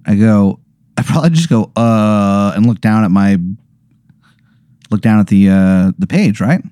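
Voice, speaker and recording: Animated man swearing through a bit. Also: fairly low pitch, a little slow, clear, resonant tone, no room sound, studio quality. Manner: animated, swearing, laughs readily. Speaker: podcast co-host. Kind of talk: casual chat.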